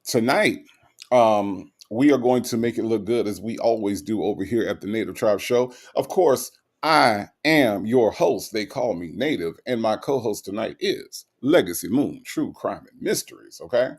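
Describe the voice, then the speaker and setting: Host man for a home livestream chat show: lower gravelly voice, bouncy animated delivery, keeps repeating himself. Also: moderate pace. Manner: animated, repeats phrases for effect. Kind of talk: casual chat, reading out viewer comments.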